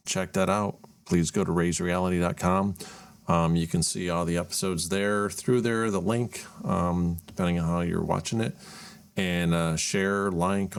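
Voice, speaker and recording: A man's voice: sits low, creaky. A man hosting his own show, talking casually and rambling in a chatty, self-deprecating way from a cold home garage. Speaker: podcast host. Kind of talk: casual solo talk.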